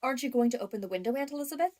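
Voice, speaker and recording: A woman's voice: high-pitched, very fast, darkish tone, close to an everyday voice. A woman voicing a grieving young orphan girl who falters and pleads tearfully in a storybook reading. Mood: tearful, pleading.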